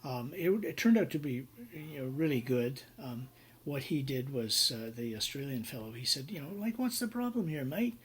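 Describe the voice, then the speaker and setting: A man's voice: medium pitch, expressive, moderate pace, slightly rough. A middle-aged man teaching business law in a recorded lecture, telling stories in a conversational way with many fillers.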